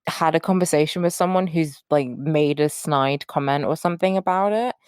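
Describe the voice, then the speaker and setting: A woman's voice: low voice, normal speed, darkish tone, clear, resonant tone, no room sound, clean studio sound. A young woman co-hosting a podcast in casual, sarcastic chat, swearing freely. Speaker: podcast co-host.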